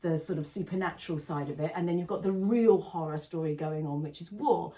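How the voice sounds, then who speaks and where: A woman's voice: fairly low pitch, a little fast, dark tone. A woman co-hosting a podcast, chatting casually about a film in a thoughtful, hedging way as she searches for her words. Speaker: podcast co-host.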